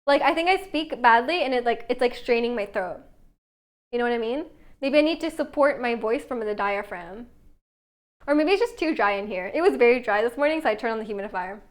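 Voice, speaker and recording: A woman's voice: fairly high pitch, expressive, fairly quick. A young woman streaming from her home kitchen while baking, chatting casually with viewers, reading their messages aloud and using a lot of "like" as filler. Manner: chatty, reads chat aloud, many "like" fillers.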